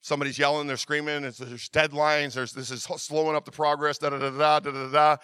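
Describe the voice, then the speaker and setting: A middle-aged man preaching a sermon, telling stories with many restarts and swinging from loud urging to quiet asides. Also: fairly high pitch, little pitch movement, fast, clean tone, no echo. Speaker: pastor.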